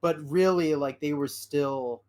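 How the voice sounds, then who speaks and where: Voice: medium pitch, unhurried, a little mellow. A podcast co-host rambling through a fan theory in casual chat, full of restarts. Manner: rambling, many restarts and fillers.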